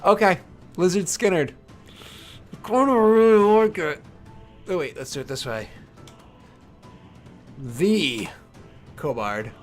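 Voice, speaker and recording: A man's voice: a little high, vocal fry, fairly bright tone. Rambling, swearing male streamer. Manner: rambling, joking, swears and mutters asides. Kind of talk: casual livestream chat.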